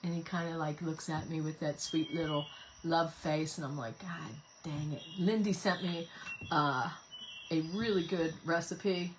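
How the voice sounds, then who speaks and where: A woman's voice: low voice, fairly even intonation, measured pace, background noise. A woman, chatting, giggling and rambling as she hosts a home craft livestream and reads viewer comments. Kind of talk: casual chat while crafting.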